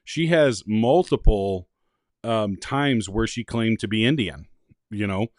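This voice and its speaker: A man's voice: lowish voice, expressive, takes it slowly, a little mellow, no room sound, studio quality. A man co-hosting a podcast, plain-spoken, with frequent brief agreeing interjections. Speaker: podcast co-host. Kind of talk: casual political chat.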